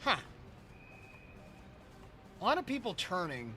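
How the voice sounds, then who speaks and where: A hoarse man losing his voice, ranting in casual let's-play commentary and reading chat aloud. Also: high-pitched, very animated, slow pace, sharp tone, soft background music. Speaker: gaming streamer.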